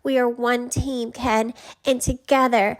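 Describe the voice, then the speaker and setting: A woman putting on a smug young schemer, pitched a little high and talking down with easy condescension. She sounds pleased with herself, as if every plan is obvious. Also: level tone, slow.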